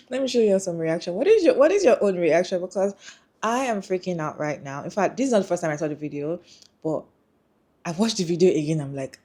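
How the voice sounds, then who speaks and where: Woman, lowish mellow voice, chatty incredulous commentary. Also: animated, a little fast. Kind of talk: reaction commentary.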